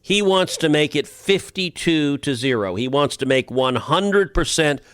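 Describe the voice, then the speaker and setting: A man's voice: on the high side, lively intonation, measured pace, fairly bright tone, no echo, clean studio sound. A man giving political commentary as a podcast co-host, emphatic and argumentative, often repeating words as he starts a phrase.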